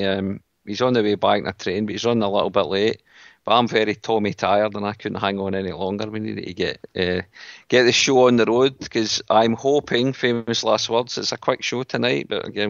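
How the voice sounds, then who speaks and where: A man's voice: on the low side, gravelly, dry recording. A Scottish man hosting a casual podcast, chatty and friendly in his banter. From Scotland. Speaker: podcast host. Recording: dull lo-fi sound.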